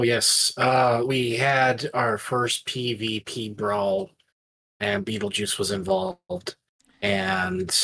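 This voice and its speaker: A man's voice: medium pitch, creaky, a bit bright. A man playing in a tabletop game, recapping events in a casual, offhand way. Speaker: player.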